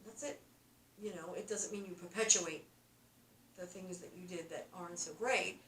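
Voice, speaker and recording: Woman co-host, calm and reflective chat, recorded far from the mic in an echoey room. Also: fairly low pitch, a little hiss or hum. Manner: reflective, unhurried, encouraging. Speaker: podcast co-host. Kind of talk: casual spiritual chat. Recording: roomy, distant mic, faint ambience.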